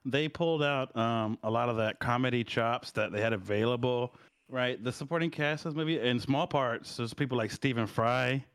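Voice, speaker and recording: A man's voice: medium pitch, normal speed, a bit bright, clear, resonant tone, dry recording. A man co-hosting a casual film review podcast, wry and opinionated. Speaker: podcast co-host.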